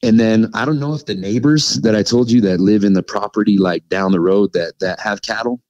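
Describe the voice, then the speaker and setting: Lo-fi sound carries a man's lowish, darkish voice with no echo. Chatting with a podcast host, he recounts an encounter in casual storytelling mode, drifting and stumbling with frequent "like"s and "you know"s.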